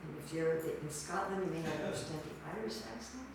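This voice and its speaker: A low-voiced woman talks fast while teaching an interactive lecture, quizzing the audience and judging each repeated answer as right or wrong. She's recorded from a distance in an echoey lecture hall, with background noise present.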